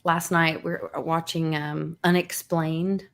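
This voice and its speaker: A woman co-hosting a casual chat show, talking with frequent ums and quick agreeing replies. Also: sits low, little pitch movement. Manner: chatty, many ums, quick back-channel agreement. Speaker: co-host.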